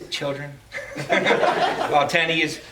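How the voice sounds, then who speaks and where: A middle-aged man giving a heartfelt farewell speech as a retiring police lieutenant, telling stories with halting restarts. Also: medium pitch. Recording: distant mic, faint background noise.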